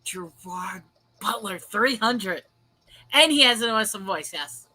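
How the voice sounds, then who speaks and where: A woman's voice: medium pitch, animated, unhurried, pushed and bright. A woman hosting a casual livestream chat, rambling and laughing often as she reads viewer comments aloud. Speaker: host.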